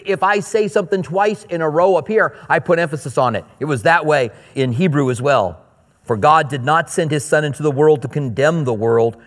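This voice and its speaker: A man preaches from the pulpit, reading scripture at a slow, deliberate pace. Between passages he breaks into quicker, casual explanations. His voice carries a long reverb tail, as if in a large hall. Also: a little high. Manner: reads scripture slowly, then explains in quick asides. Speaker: pastor.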